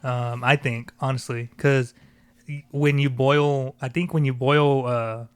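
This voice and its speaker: A man co-hosting a podcast in casual chat, relaxed and rambling with many fillers. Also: medium pitch, a little slow, smooth, no echo. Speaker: podcast co-host.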